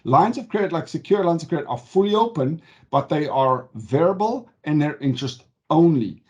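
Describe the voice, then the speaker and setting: A man's voice: a little high, expressive, moderate pace, darkish tone. A man working as a mortgage advisor, explaining loans in a conversational way and often checking in with "okay?". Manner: emphatic, stresses key words. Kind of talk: explanatory talk to camera.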